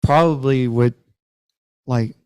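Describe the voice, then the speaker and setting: A man co-hosting a casual comedy podcast, with an easygoing delivery full of slang and laughter. His voice sits at a middle pitch, neither high nor low. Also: takes it slowly, a little mellow, clean tone. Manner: laid-back, slangy, laughs often. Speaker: podcast co-host.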